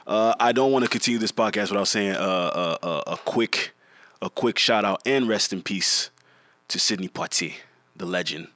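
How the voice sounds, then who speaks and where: A man's voice: lowish voice, normal speed, a bit bright, dry recording. A young man co-hosting a podcast in casual banter, joking, laughing and restarting his sentences. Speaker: podcast co-host.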